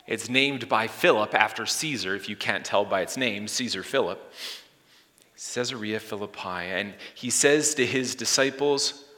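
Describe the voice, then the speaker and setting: Guy preaching, bright crisp voice, big echo hall, goes loud then whispery. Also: on the low side, unhurried. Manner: dynamic, swings from loud exclamations to hushed whispers. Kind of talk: sermon. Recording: long hall reverb.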